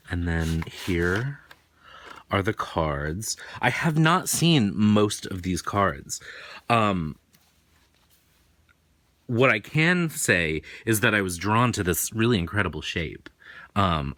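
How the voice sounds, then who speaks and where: Low and a bit bright, this man's voice carries a faint New England accent as he hosts a casual unboxing. A tarot reader by trade, he rambles, chats, and makes self-deprecating remarks.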